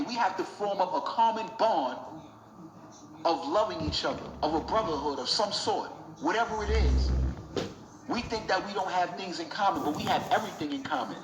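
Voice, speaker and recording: A man's voice: high-pitched, a bit bright. A young man giving an emotional, preaching talk to his viewers, repeating his points over and over. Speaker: vlogger. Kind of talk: impassioned talk to camera. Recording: echoey room.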